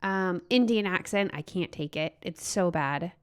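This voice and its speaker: A woman co-hosting a comedy podcast, chatting casually with blunt, crude, deadpan remarks. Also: lowish voice, a little slow, clean tone. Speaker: podcast co-host, comic.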